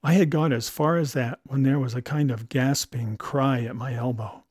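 A man's voice: mid-range voice, fairly even intonation, moderate pace, darkish tone, breathy edge, no echo. A man narrating a comic novel in the first person, dry and wry.

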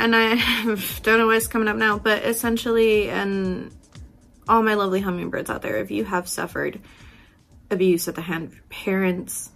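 A woman's voice: mid-range voice, fairly bright tone. Profane, laughing woman podcast host. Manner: profane, laughing often, acts out her inner voice. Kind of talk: casual self-help podcast monologue.

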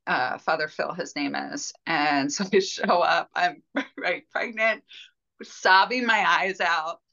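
A woman telling a personal story as a podcast guest, candid and rambling with fillers and soft laughs. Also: fairly low pitch, slow pace, creaky, lo-fi sound.

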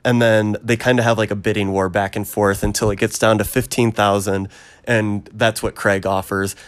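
A man in casual chat, retelling a film's plot in a rambling way with many ums and quick acted quotes. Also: on the low side, little pitch movement, clear, resonant tone. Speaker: podcast co-host recapping a film.

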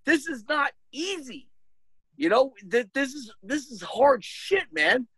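A man co-hosting a podcast in casual chat, stammering through restarts and swearing, with loud bursts of laughter. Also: extremely high pitch, expressive, slow, no echo, poor audio. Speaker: podcast co-host.

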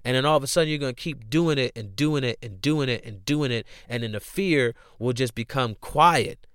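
A young man hosts his podcast in a loose, pep-talk ramble, swearing freely and hammering the same phrases again and again. His voice is smooth and resonant. The sound is close and dry, with no room echo. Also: medium pitch, moderate pace, a bit bright. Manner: profane, repetitive, slangy and emphatic. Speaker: podcast host. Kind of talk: casual motivational talk.

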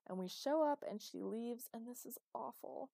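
A woman's voice: on the high side, normal speed, mellow, dry recording, voice pushed up. A woman voicing a distressed teenage girl pleading with her father to come get her. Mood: pleading, tearful. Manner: pleading, tearful.

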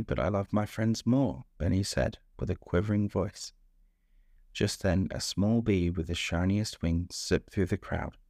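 A man narrating a bedtime story in a slow, soothing manner. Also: low voice, vocal fry, darkish tone, dry recording, studio quality.

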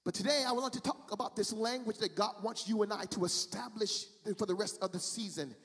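High-voiced preacher in a reverberant hall. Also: male voice, a bit bright, husky. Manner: emphatic, repetitive preaching with drawn-out, sing-song phrases. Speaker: pastor. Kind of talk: sermon. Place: church, also streamed online.

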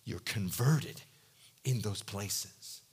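A male pastor preaching a sermon who acts out voices from the story and swings from loud outbursts to hushed, low lines. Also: drawn-out words, husky. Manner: animated, acts out voices of biblical figures and God; swings between loud exclaims and quiet, low-voiced asides.

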